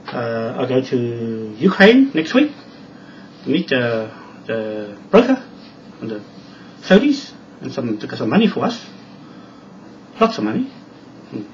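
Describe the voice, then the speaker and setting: Guy ranting on and on in a home video, kinda high voice, dull muffled audio w faint hiss. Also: distant mic. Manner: rambling, repetitive, warning. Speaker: video blogger. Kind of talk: rambling monologue to camera.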